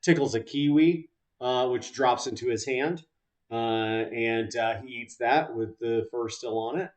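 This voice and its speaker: A man running a tabletop game, talking slowly and stopping often on drawn-out fillers. His voice sits at an ordinary middle pitch. He narrates the scene in a relaxed, unhurried way. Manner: halting, full of "uh" fillers. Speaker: game master.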